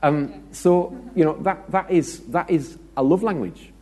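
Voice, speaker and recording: A man's voice: fairly high pitch, unhurried, darkish tone. A British man preaching a conversational sermon, chatty and joking, with anecdotes and asides to the congregation.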